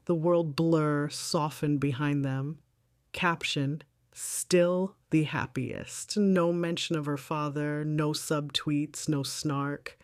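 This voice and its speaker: A woman's voice: deep voice, clear, resonant tone, no echo, studio quality. A middle-aged woman narrating her own story in the first person with a composed, wry, reflective delivery.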